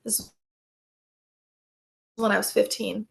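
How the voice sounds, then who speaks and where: A woman's voice: medium pitch, little pitch movement, slow, vocal fry, a bit bright. A woman, a podcast guest, telling personal stories in a casual, rambling way, full of fillers and restarts.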